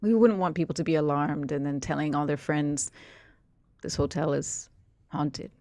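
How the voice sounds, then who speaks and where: A woman's voice: deep voice, moderate pace, a little mellow, no room sound. A woman game master narrating a tabletop horror game in a chatty, descriptive way with plenty of fillers.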